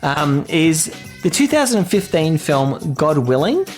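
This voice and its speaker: A male podcast co-host chatting casually and agreeably. His pitch rises and falls in a lively way. Faint music plays under his voice. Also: takes it slowly. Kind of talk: casual chat.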